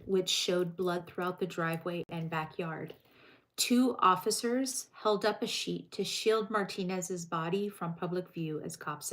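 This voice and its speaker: A woman's voice: fairly low pitch, a bit bright. A woman hosting a livestream, reading crime news aloud and breaking off to chat with her viewers in a loose, casual way.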